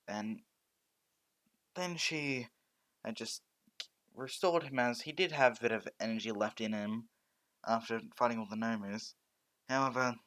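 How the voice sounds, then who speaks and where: Guy reading out fan fiction, bright tense voice, keeps tripping and restarting. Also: mid-range voice. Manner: halting, many restarts. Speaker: narrator.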